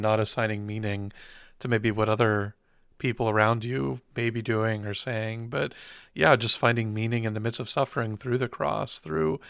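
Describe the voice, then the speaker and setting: A male host responding to a guest's story with affirming, gentle praise in a casual interview. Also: medium pitch, vocal fry, no room sound, clean studio sound. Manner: affirming, repeats praise softly. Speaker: podcast host.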